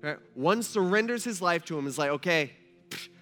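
A man preaching a sermon, moving between hushed storytelling and rising, emphatic passages. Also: high voice, expressive, fairly quick, big-room sound, soft background music. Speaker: pastor.

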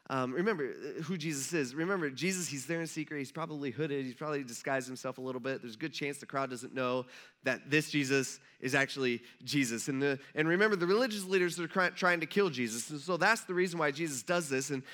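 A man's voice: on the high side, bright, forceful tone. A young man preaching a sermon as pastor, retelling scripture in a casual, conversational way with frequent fillers.

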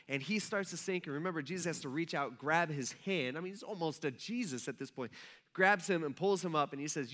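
A male pastor in his thirties preaching a relaxed, conversational sermon. He tells stories with animation and fills his speech with casual fillers. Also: sits high, fairly quick. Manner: animated storyteller, acts out quotes, many fillers like "like".

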